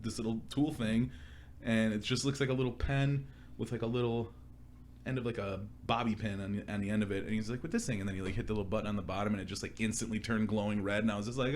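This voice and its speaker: Young man, podcast co-host, low voice, crude and animated, laughs a lot, faint background hum. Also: fast talker. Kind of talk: casual chat.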